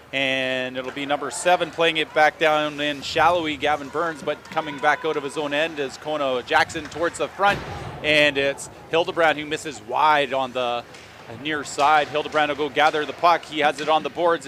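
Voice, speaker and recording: Bright-voiced male hockey play-by-play caller. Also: on the high side, a little hiss or hum. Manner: rapid running call, dry joking asides. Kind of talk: play-by-play sports commentary.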